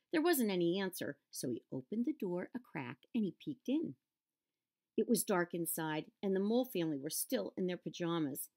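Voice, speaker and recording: A woman reading a children's picture book aloud and adding gentle explanatory asides. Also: on the low side. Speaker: storybook reader.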